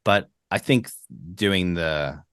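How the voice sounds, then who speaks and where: A man from Australia with a strikingly deep, low voice, talking as a guest in a casual podcast interview. He is relaxed, laughs easily and trips over and restarts words while he gathers his thoughts. The sound is dry and close, with no room echo. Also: slow, clean tone. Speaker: guest voice actor.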